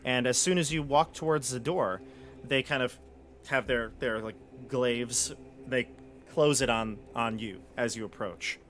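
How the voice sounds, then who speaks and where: A man's voice: medium pitch, unhurried, a bit bright, slight background noise. Een man die als spelleider een tabletop-spel vertelt, aarzelend, met veel stopwoorden. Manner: hesitant, many fillers. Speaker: game master. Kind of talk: narrating a tabletop game.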